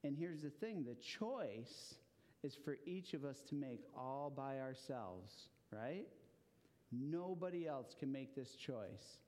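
A man's voice: mid-range voice, slow pace. A man giving an interactive children's sermon in a church, asking the listeners questions as he goes. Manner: animated, asks the audience questions. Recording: long hall reverb.

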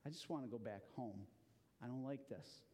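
A man's voice: mid-range voice, moderate pace, dark tone, voice pushed down, natural voice. A man voicing a group of weary, homesick male sailors who whine dismissively. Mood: sulky. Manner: whiny, dismissive. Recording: long hall reverb.

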